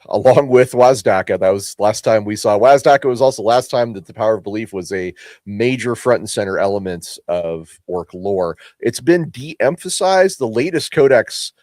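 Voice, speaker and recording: A man's voice: fairly low pitch, expressive, a little mellow, no room sound. Guy hosting a lore stream, stumbles and restarts a lot, dry close sound. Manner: halting, repeats words, reads chat aloud. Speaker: host. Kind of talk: casual livestream chat.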